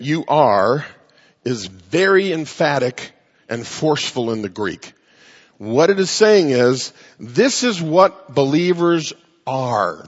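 A man preaching a sermon from the pulpit, emphatic, with drawn-out stresses and dry asides. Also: fairly high pitch, slightly rough, in a large hall, dull audio. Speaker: pastor.

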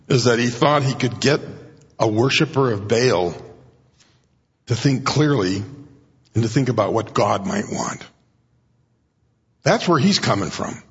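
A man preaching a sermon in a conversational way, often clearing his throat and raising his pitch to act out quoted speakers. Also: lively intonation, slow, long pauses. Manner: frequent throat clearing and restarts. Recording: dull recording in a reverberant hall.

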